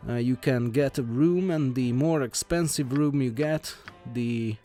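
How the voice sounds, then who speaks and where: Hesitant, mellow-voiced man narrating gameplay. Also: mid-range voice, faint music behind. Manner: hesitant, halting with many uh fillers and restarts; plain reading without character voices. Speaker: let's play host. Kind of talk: gameplay commentary, reading game text aloud.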